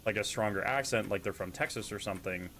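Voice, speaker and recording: A young man with a Canadian accent chatting casually while streaming a game, playful and quick to mimic accents. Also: lowish voice, pushed and bright. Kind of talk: casual gaming chat.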